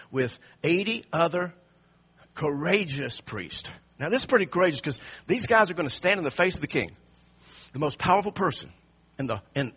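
A man's voice: sits high, fairly bright tone, husky, muffled recording. A man preaching a sermon in an emphatic way, often repeating and restarting his phrases.

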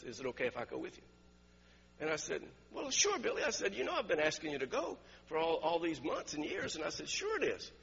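A man's voice: on the high side, creaky, a bit bright, big-room sound, highs cut off, slight background noise. A man preaching a sermon, telling stories with frequent chuckles and repeated words. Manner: storytelling, laughs often, repeats words. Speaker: pastor.

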